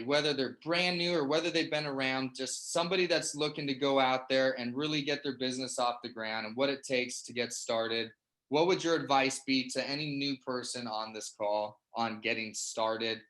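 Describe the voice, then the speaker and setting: A man's voice: mid-range voice, fairly even intonation, normal speed, fairly bright tone. A man hosting a sales testimonial call, enthusiastic and full of praise, ending phrases with "man". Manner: enthusiastic, repeats "man" a lot. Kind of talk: energetic pep-talk interview. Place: online group call.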